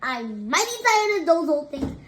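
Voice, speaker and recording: A bossy old king, grumpy and bellowing, barking orders in a read-aloud children's storybook, as a woman puts him on. The voice sits high for a king, with a faint hiss of noise behind it. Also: big pitch swings, moderate pace. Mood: angry demanding. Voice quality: growling, bellowing.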